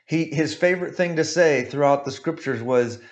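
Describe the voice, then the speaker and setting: Emphatic, fairly high-voiced male preacher. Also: normal speed. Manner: emphatic, repeats points, asks "right?" often. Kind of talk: sermon.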